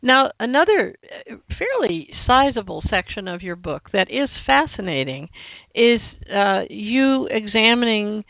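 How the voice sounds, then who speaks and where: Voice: mid-range voice, very animated, a little slow, gravelly, dry recording. A radio host interviewing a guest, giving brief attentive affirmations, heard over a phone line.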